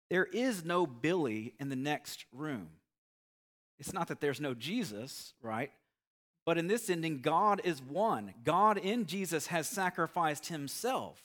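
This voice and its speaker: A man preaching a sermon, telling an illustrative story in an earnest, measured way. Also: on the high side, a bit bright. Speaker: pastor.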